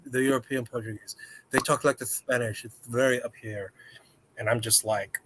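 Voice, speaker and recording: A man's voice: medium pitch, a little fast, fairly bright tone, slight background noise. A man hosting a casual live-stream chat, rambling and joking with viewers. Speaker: host.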